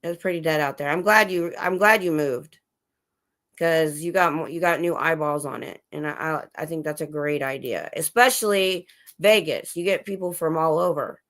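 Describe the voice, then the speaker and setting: A woman with a somewhat low voice hosts a casual late-night livestream from her home. She talks loosely and chattily, restarting her sentences as she goes. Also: moderate pace, a bit bright. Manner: chatty, talks to her dogs between topics, many restarts. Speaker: livestream host. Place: home, dogs in the room. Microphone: livestream setup.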